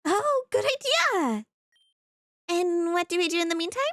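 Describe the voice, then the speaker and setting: A woman's voice: extremely high pitch, sing-song, a little slow, a bit bright, no room sound, clean studio sound, voice pushed up, exaggerated voice. A woman voicing a dreamy, scatterbrained young artist in a game, with French words dropped into her speech. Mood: eager.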